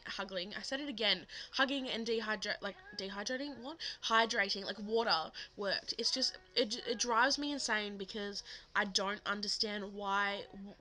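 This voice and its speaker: A woman's voice: fairly high pitch, sharp tone, rough recording. A teenage girl telling a story to camera in a rambling, casual way, full of fillers and swearing. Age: teens. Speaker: vlogger.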